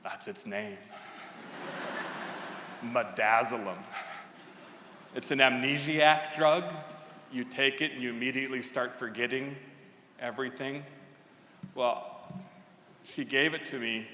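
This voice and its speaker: A man's voice: mid-range voice, measured pace, pauses often, sharp tone, a little hiss or hum. A man in his fifties giving a humorous commencement speech as a wry comic storyteller at a podium microphone. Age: 50s. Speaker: commencement speaker. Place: large ceremony hall. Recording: echoey hall with long reverb.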